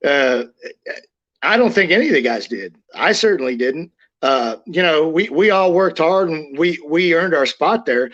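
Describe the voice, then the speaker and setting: A man in a loose interview, talking bluntly and swearing constantly as he tells stories and acts out the heated lines. His voice sits high for a man. The audio comes through dull and lo-fi. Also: lively intonation, moderate pace, a bit bright. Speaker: interview guest, former wrestler. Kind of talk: casual storytelling, profane.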